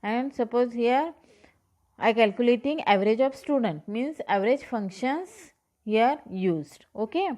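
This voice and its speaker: Woman, teacher, lecture, repeats points, asks okay, slightly high voice. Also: lively intonation, a little slow, darkish tone. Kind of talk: classroom lecture.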